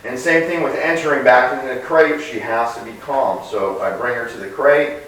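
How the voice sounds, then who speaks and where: A man working as a dog trainer, explaining in a relaxed, plain way with frequent pauses and restarts. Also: medium pitch, slight background noise. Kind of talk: casual instructional talk to camera. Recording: echoey room, voice picked up from a distance.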